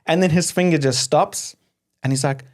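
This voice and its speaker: A man's voice: fairly high pitch, moderate pace. A man from South Africa with a South African accent, co-hosting a podcast, telling a story in casual chat and laughing at himself often. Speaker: podcast co-host.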